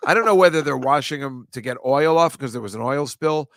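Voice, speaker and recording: A man's voice: mid-range voice, brisk, fairly bright tone, no echo, clean studio sound. A man hosting a casual comedy chat, rambling and sarcastic, often incredulous.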